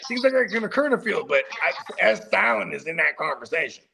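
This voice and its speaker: A man co-hosting a sports podcast, joking loudly and laughing in casual banter. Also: high voice, sing-song, vocal fry. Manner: loud, joking, quick to shout and laugh. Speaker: podcast co-host.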